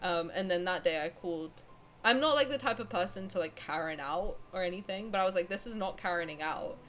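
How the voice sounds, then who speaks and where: A woman's voice: fairly low pitch, a little fast, a bit bright, a little hiss or hum. A young woman streamer casually telling a long personal story, rambling with lots of fillers and restarts. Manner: rambling, filler-heavy, restarts mid-sentence.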